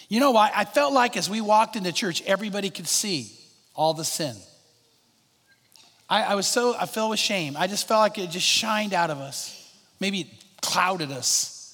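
A man's voice: high-pitched, pushed and bright. A middle-aged male pastor preaching a sermon in a fervent, repetitive cadence. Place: large church hall. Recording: long reverb of a large hall.

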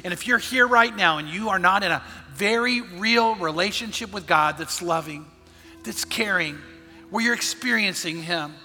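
A man preaching a sermon as a pastor, talking in a conversational storytelling way with many restarts and dropping to a hushed, gentle tone at tender points. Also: sits high, normal speed, faint music behind. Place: large church auditorium. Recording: long hall reverb from a large sanctuary.

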